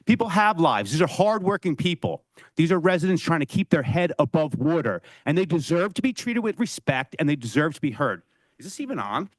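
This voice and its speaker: A man's voice: on the high side, very animated, fairly quick, dry recording. Angry man scolding from a dry podium mic. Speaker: resident giving public comment. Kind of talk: public comment speech. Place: council chamber. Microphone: podium microphone.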